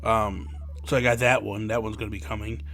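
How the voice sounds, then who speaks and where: A man co-hosting a casual gaming podcast, chatty and excitable, full of fillers. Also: lowish voice, brisk, gravelly. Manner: chatty, excitable, many fillers like "like" and "you know". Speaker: podcast co-host.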